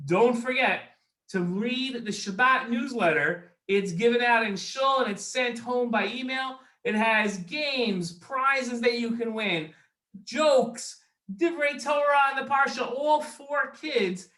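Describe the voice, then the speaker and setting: A man hosting a children's show, giving quiz instructions slowly and deliberately to young viewers. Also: very high-pitched, sharp tone. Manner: slow, deliberate, talks straight to young viewers. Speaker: kids' show host. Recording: roomy echo.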